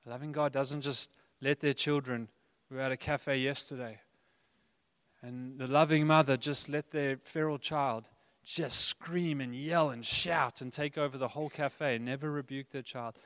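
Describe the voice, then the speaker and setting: A man's voice: medium pitch, fairly even intonation, moderate pace, a bit bright. A man preaching a sermon as pastor, earnest and conversational with playful asides, in a large church hall. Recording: long hall reverb.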